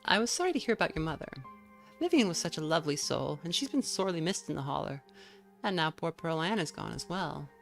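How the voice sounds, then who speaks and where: A woman's voice: low voice, expressive, fast, soft background music. Woman doing a genteel older lady. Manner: warm, courteous, old-fashioned phrasing. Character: gentle older Southern woman, genteel and secretive.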